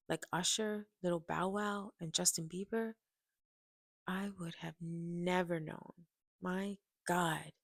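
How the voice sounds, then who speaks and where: A woman reading a first-person memoir aloud, turning dramatic and louder in the quoted scenes. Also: on the low side, gravelly, dry recording. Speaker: audiobook reader.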